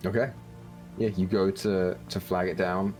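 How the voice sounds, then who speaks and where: A man's voice: low voice, fairly even intonation, a little slow, a little mellow, soft background music. A man narrating as game master in a tabletop game, loose and casual, with many fillers.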